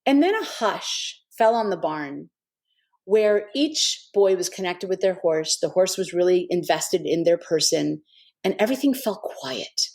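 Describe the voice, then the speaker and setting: A woman with a somewhat low voice speaks as a podcast guest. She tells her story earnestly and warmly. Her phrasing is loose and conversational, full of "kind of" and "like.". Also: expressive, unhurried. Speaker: guest, animal intuitive.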